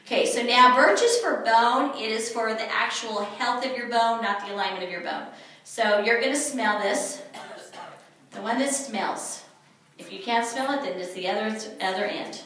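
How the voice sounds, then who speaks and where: A workshop presenter at a retreat leads a live demonstration for an audience, giving instructions in a playful, teasing way. Her voice is a little high, bright and forceful, animated at a moderate pace. The event room is echoey and the mic sits far off.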